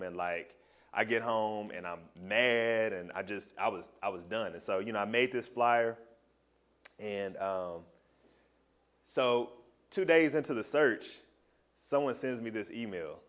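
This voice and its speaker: A man sharing a personal testimony with a small group, telling his story in a loose, animated and heartfelt way. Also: on the low side, moderate pace.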